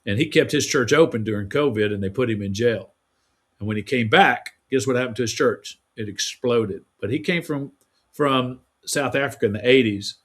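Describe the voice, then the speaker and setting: A man's voice: medium pitch, normal speed, a bit bright. Rambling folksy man telling stories. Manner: rambling, folksy storytelling with restarts. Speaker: guest. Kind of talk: casual interview conversation.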